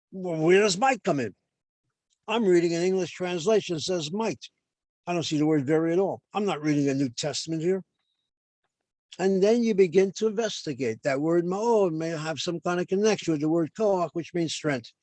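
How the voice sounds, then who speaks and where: A man's voice: fairly high pitch, a little mellow, dry recording. An older man lecturing as a professor over a video call, explaining points and then asking and answering his own questions.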